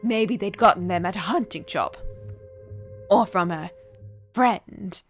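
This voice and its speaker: A woman reading a cold, calm young man who craves violence, in an even, measured voice while reading a game aloud. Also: medium pitch, faint music behind, natural voice.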